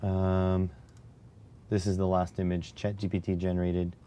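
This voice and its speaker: A man's voice: low-pitched, monotone, unhurried, dark tone, a little hiss or hum. A man hosting a casual live stream while he codes, losing his voice and muttering to himself between answers to his chat, on a clip-on mic. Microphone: clip-on mic near the chest.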